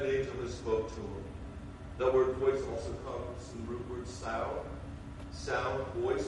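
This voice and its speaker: A man preaching a sermon, swinging between loud shouted praise and low, quiet asides. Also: slight background noise. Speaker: pastor. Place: church sanctuary. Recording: roomy hall sound from a distant mic.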